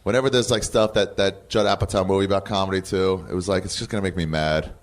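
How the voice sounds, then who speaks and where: Brief: American comedian in his 30s, low voice, lively storyteller who swears and laughs a lot. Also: fast. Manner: animated storyteller, acts out quotes, laughs often, swears. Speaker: comedian guest. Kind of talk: casual interview chat.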